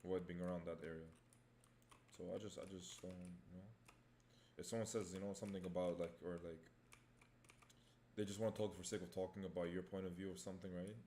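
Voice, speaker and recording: A man's voice: low-pitched, fairly even intonation, fast talker, mellow, echoey room, slight background noise. A young man livestreaming, chatting casually with his viewers, rambling, repeating himself and swearing offhand. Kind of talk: casual live-stream chat.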